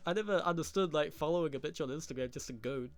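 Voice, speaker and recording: A man's voice: on the high side, fast talker, dry recording. A young man recapping a show in casual, crude, laughing commentary full of slang. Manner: crude, laughing, rambling slang-heavy talk. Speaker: show reviewer.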